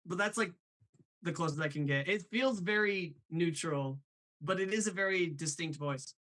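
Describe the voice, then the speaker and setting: A man's voice: a little high, fairly bright tone. A man hosting a live show, chatting casually about voice impressions and reading questions from the chat. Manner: chatty, quick asides, reads chat aloud.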